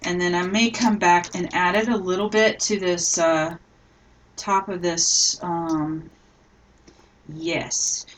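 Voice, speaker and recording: A middle-aged woman hosting a live scrapbooking tutorial, chatting casually and thinking aloud as she works, often trailing off softly. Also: on the low side, fairly even intonation, takes it slowly, a little hiss or hum, rough recording.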